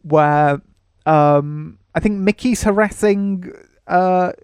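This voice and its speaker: A man's voice: sits high, takes it slowly, darkish tone, smooth, no echo, clean studio sound. A man hosting a casual podcast about films, rambling with frequent laughs and restarts. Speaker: podcast host. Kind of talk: casual film-review chat.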